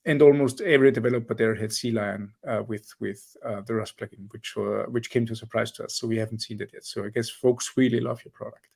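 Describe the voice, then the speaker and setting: A man's voice: mid-range voice, fairly even intonation, fast talker, gravelly, a little mellow, husky. A man hosting an online meetup Q&A who is losing his voice, talking in a chatty, hesitant way with many ums and restarts over a video call. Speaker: meetup host moderating Q&A.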